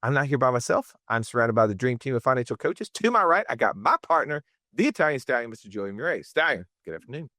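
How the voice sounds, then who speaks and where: A man with a Montgomery, Alabama accent hosts a finance podcast. His voice swings widely in pitch for emphasis as he asks pointed questions. The sound is dry and close to the mic, with faint music behind. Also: big pitch swings, fast talker, few pauses, sharp tone, no echo. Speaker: podcast host.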